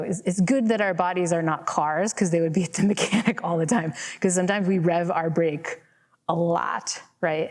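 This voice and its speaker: A woman's voice: on the low side, darkish tone. A woman professor answering an audience question in a casual, chatty way with many fillers, speaking to a live room on a microphone. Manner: chatty, self-deprecating, many "right?" and "like" fillers. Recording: reverberant hall.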